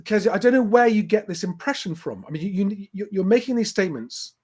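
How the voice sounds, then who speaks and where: Male host, slightly higher voice, emphatic rebuttal, casual stream chat. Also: lively intonation, fast, a little mellow, husky. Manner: emphatic, rebutting viewer comments. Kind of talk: casual live-stream commentary.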